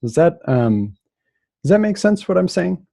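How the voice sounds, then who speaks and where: A man from Minnesota giving a relaxed, casual lecture remotely, with plenty of fillers and restarts. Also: high voice, unhurried, gravelly, no room sound.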